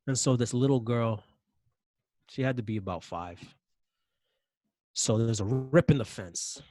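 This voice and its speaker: Animated man telling stories, dry sound. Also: medium pitch, unhurried, no echo. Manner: animated, acts out yelling in anecdotes. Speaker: podcast guest. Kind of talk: casual interview storytelling.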